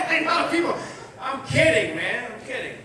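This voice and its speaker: A middle-aged man performing a brash, profane stand-up comedy set with shouted bursts. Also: very high-pitched, very animated, normal speed, crowd noise. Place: comedy show venue. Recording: echoey room, distant mic, audience.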